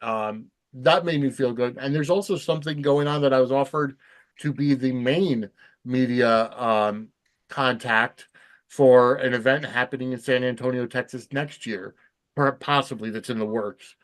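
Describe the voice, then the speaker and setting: Man, podcast co-host, casual chat, filler-heavy, mid pitch. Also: fairly even intonation, moderate pace. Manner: hesitant, many "um" fillers.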